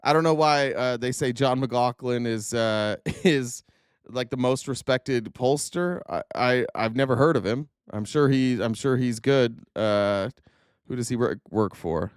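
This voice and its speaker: A man's voice: medium pitch, a little slow, smooth, dry recording, clean studio sound. A man giving blunt, sarcastic political commentary on a live stream, swearing freely and restarting his sentences often. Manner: rambling with frequent restarts and laughs.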